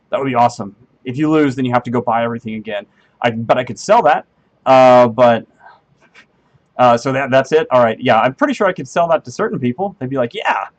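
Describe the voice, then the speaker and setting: A man chatting casually on a live stream as he codes at his desk, voice in a plain middle register. He thinks out loud and trails off mid-sentence, filling gaps with ums. His tone is friendly and self-deprecating as he answers viewers. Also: mid-range voice. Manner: thinks aloud, rambling with many ums and half-finished sentences. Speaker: game engineer streaming live coding. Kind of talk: casual live-stream chat while programming.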